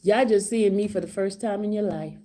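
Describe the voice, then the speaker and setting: A middle-aged woman vlogging casual commentary outside a courtroom, excited and laughing, repeating herself. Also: mid-range voice, fairly quick. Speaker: trial vlogger. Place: outside a courtroom, hallway area.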